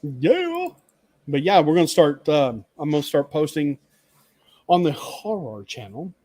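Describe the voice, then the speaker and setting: Lively, joking male streamer. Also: fairly high pitch, normal speed, dry recording. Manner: joking, laughs often. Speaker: livestream host. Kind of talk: casual chat.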